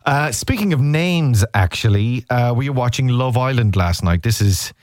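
A man's voice: mid-range voice, expressive, normal speed, darkish tone, no echo, clean studio sound. A middle-aged Irish man hosting a radio show, chatting playfully and slipping into comic voices. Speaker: radio host. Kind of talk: casual radio chat.

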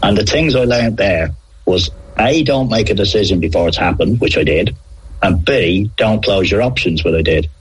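Husky, low-pitched man, middle-aged, lively storyteller, on radio. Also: normal speed, poor audio. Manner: animated anecdotes, acts out quoted players. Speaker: former referee, interview guest. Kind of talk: conversational interview storytelling.

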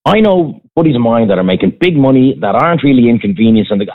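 A man's voice: medium pitch, expressive, fast, hardly any pauses, phone-quality sound. An Irish man, a former restaurant owner, ranting emphatically in a heated casual chat.

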